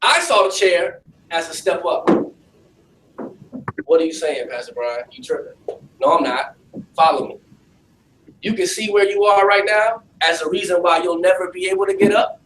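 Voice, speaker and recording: A man preaching as a pastor to a young audience, streetwise and animated, talking back and forth with the crowd. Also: high voice, moderate pace, pauses often. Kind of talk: preaching to young people in a facility. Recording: echoey room, mic at a distance, light hiss.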